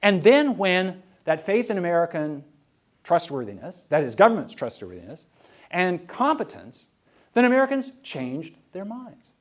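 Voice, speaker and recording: A man with a notably high voice lectures on history to a live audience. He talks conversationally and wryly, weaving anecdotes into his talk. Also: very animated, normal speed. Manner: wry, conversational, storytelling.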